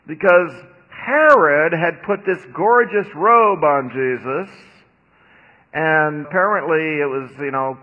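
A man with a slightly raised pitch talks through scripture in an easy, conversational way and drives points home with emphatic asides. The broadcast sounds narrow and phone-like, with a long reverb trailing his words. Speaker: radio Bible teacher. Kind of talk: conversational radio Bible teaching.

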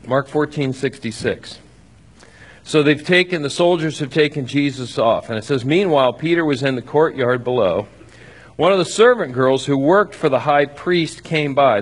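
A man preaching a sermon, acting out scripture with lively swings between loud and soft. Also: mid-range voice. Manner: animated, acts out scripture with shifting loudness. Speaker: pastor.

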